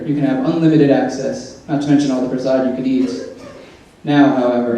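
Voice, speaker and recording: A man's voice: medium pitch, mellow. Wry man reading an essay, very echoey. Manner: wry, dry asides. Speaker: essay reader. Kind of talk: reading a humorous personal essay aloud. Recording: echoey room, mic far off.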